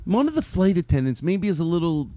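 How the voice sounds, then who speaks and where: A man's voice: sits high, very animated, fast talker, warm tone, no room sound. Playful male host, bouncy voice. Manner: playful, laughing easily. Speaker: podcast host. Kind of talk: casual chat, directing a bit.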